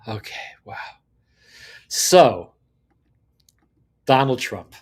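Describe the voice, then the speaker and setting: A man's voice: mid-range voice, big pitch swings, drawn-out words, breathy edge. Rambling opinionated older man. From New York City. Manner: rambling, opinionated, many restarts and fillers. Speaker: podcast host. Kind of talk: solo political commentary.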